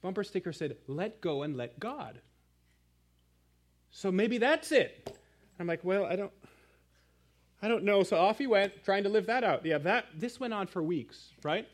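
A man preaching a sermon in church, telling a story with animated asides to the congregation. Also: sits high, moderate pace. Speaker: pastor.

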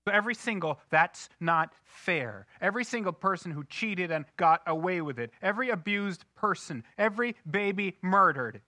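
A married man preaching a sermon, swinging from loud outbursts to hushed, slow emphasis. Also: high-pitched, lively intonation, no room sound, studio quality. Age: adult, married. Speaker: pastor.

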